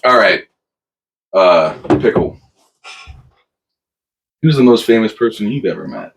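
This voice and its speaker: Low lively man chatting on a podcast. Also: a little slow, gravelly, recorded from a distance, background noise. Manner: loose, filler-heavy, laughs a lot. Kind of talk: casual chat.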